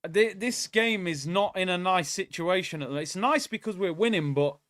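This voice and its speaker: A young man hosts a live football watchalong, chatting loosely and reading out viewers' comments. His voice sits a little high for a man and gets loud and excitable when his team attacks. The close mic sounds dry, with no room around it. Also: moderate pace, no echo. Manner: excitable, shouts at the players during attacks. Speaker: watchalong host.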